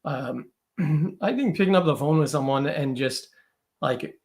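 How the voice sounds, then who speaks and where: Chatty man with a higher voice. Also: unhurried. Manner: chatty and loose, with many "like" and "right?" tags. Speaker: podcast guest, mentalist. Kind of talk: casual conversational interview.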